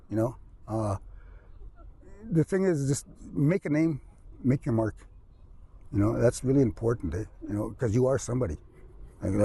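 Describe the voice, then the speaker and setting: A man's voice: mid-range voice, dark tone, slightly rough. A middle-aged man giving a casual motivational talk, often tagging his sentences with "eh" and "you know". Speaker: speaker.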